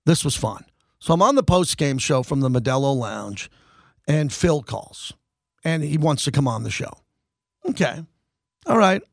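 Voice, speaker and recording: A man from Long Island, hosting a sports radio show in a brisk, emphatic chat. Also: a little high, vocal fry, dry recording, clean studio sound. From Long Island, New York. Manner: energetic, emphatic, quick talk.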